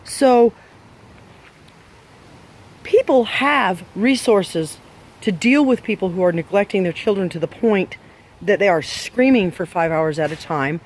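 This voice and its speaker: A man's voice: high voice, expressive, measured pace, pauses often. A man giving dog owners blunt training advice, emphatic and scolding, with many rhetorical questions.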